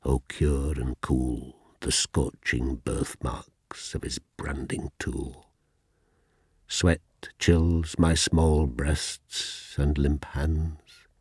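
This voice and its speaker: Male poet, husky, unhurried delivery. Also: extremely low pitch, little pitch movement, a little mellow, no echo, clean studio sound. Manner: slow, deliberate, dropping to near-whispers. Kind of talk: poetry reading.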